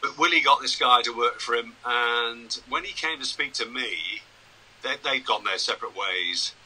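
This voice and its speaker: This sixty-something man, a broadcaster and journalist, speaks at a moderate pace in a medium-pitched, sharp-toned voice. The audio is low quality with slight background noise, as he chats anecdotally and self-deprecatingly over a video call in a casual interview.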